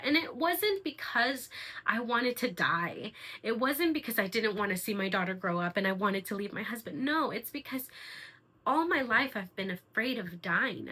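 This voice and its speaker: A woman's voice: a little high, bright, forceful tone, breathy edge, low-quality recording. A young woman earnestly telling a personal story in a casual, emotional way, with many fillers and restarts. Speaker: vlogger sharing her birth story.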